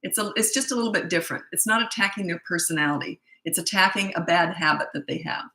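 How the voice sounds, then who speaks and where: Her voice is fairly low, quick and sharp-toned: a middle-aged parenting coach bluntly and emphatically answering viewer questions during a casual live Q&A, repeating herself often. The recording is rough and reverberant.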